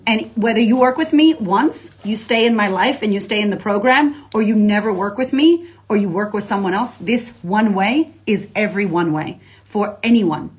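Energetic, slangy woman life coach live. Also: medium pitch. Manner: energetic, slangy and profane, reads out viewer comments. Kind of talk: casual livestream talk to followers.

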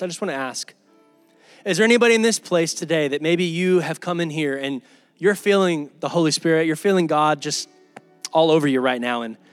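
A man's voice: on the high side, a bit bright, dry recording. A man preaching a sermon to his church in a casual, conversational way, acting out the people in his stories. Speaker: pastor.

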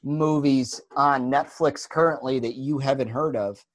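A man co-hosting a podcast in casual chat, animated and swearing freely. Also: medium pitch, unhurried. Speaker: podcast co-host.

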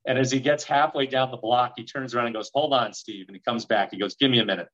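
A man in his forties telling a story in a podcast interview, acting out the dialogue with lively energy. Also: medium pitch, quick pace, highs cut off. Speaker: real estate investor guest.

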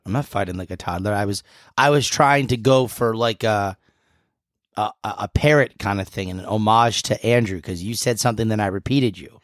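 A podcast co-host chats casually at a fairly quick pace, his lowish voice carrying a frog in his throat. He rambles and jokes with lots of fillers, on a dry, studio-quality recording.

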